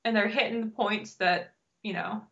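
A woman's voice: medium pitch, normal speed, creaky. A young woman chatting casually, telling stories with lots of fillers and laughter. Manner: chatty, laughs a lot, animated storytelling with many fillers. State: pregnant. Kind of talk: casual chat. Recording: dull lo-fi audio.

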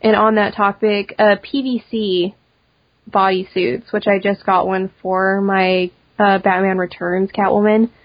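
A young woman cosplayer, raised in America by a Polish family, chats casually as a podcast guest, swearing freely and saying "like" a lot. Her mid-range voice is level and a little slow, on a muffled recording with no echo.

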